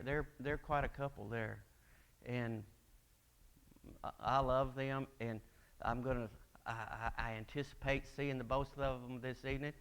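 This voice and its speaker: A middle-aged man delivers a sermon in a church, spinning folksy stories and slipping into the voices of the people he describes. His voice sits a little high, with a gravelly rasp. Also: a bit bright. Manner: folksy storytelling, acting out quoted voices. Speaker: preacher. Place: church sanctuary.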